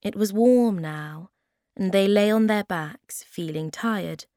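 Slow, gentle woman reading a storybook. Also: medium pitch, no room sound, clean studio sound. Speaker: storybook reader. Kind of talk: children's story read aloud.

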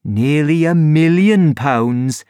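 A man voicing an earnest, eager country doctor in a storybook reading, bright and reassuring. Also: fairly high pitch, expressive, takes it slowly, clean tone, no echo, studio quality.

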